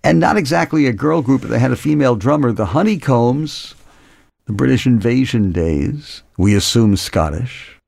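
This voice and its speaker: A man's voice: medium pitch, lively intonation, moderate pace, creaky, darkish tone, no echo, studio quality. A man hosting a radio music show, chatting casually between songs with rambling, chuckling asides. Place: radio studio. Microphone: close studio mic.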